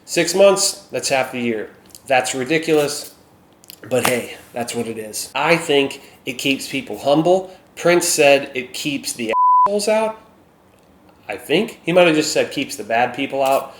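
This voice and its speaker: A man's voice: mid-range voice, animated, a little slow. A man from Minnesota with a Minnesotan accent, chatting casually to camera as a vlogger, self-deprecating and peppering his talk with "okay?" asides. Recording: echoey room with faint ambient noise.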